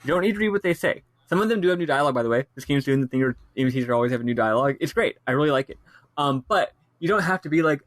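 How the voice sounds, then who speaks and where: Dry, animated male podcast co-host. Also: mid-range voice, very fast, dry recording. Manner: animated, laughs at his own complaints. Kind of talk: casual game discussion.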